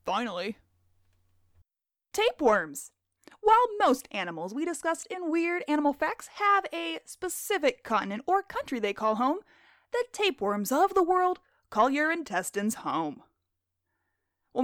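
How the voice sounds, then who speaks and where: Lively high-voiced woman, jokey podcast host. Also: no room sound, clean studio sound. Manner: jokey, self-deprecating, quizzes herself in a game-show bit. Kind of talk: playful scripted animal-facts narration.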